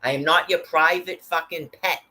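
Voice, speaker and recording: A woman's voice: deep voice, fairly even intonation, moderate pace, sharp tone, rough recording. A woman delivering an angry, profane rant, cursing constantly and hurling threats.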